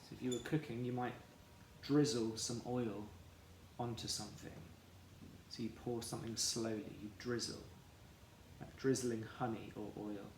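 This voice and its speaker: A man teaching a phonics lesson for children, sounding out each letter slowly and carefully. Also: medium pitch, fairly even intonation. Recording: echoey room, faint background noise.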